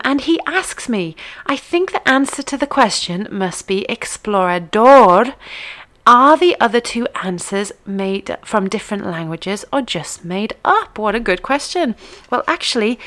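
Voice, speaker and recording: A woman's voice: medium pitch, animated, unhurried, fairly bright tone. A woman hosting a live radio show, chatting, teasing and reading out listener messages. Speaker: radio host.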